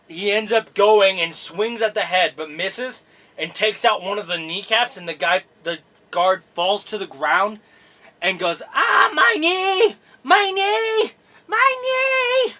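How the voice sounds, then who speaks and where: Man, game master, tabletop narration, slow unhurried pace, halting rambling delivery with fillers. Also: sits high, pushed and bright.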